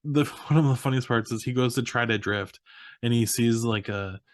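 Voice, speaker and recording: A young podcast co-host casually recaps a movie plot in a mid-range voice at normal speed, often laughing as he acts out the characters' lines. The sound is dry, clean studio audio.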